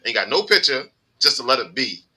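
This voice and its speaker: A man telling rideshare-driving stories on a podcast, animated and full of profanity. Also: medium pitch, brisk, low-quality recording. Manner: animated storytelling, heavy profanity. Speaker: podcast host, rideshare driver. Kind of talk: casual chat.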